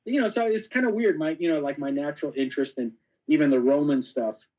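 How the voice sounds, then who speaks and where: A man's voice: a little high, quick pace, poor audio. A man, a guest on a podcast, telling casual anecdotes and acting out what other people said, with plenty of "you know.". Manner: animated anecdotes, acting out quoted dialogue; frequent fillers like "you know". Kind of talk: casual storytelling interview.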